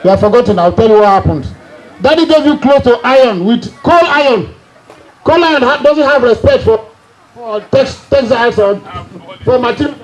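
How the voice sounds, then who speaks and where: A man's voice: very high-pitched, lively intonation, moderate pace, rough recording. A middle-aged man with a Nigerian accent, telling funny family stories at a reunion and teasing his listeners. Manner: chuckling storyteller, teasing the audience. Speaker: family member speaking at a reunion. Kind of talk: humorous anecdotal speech.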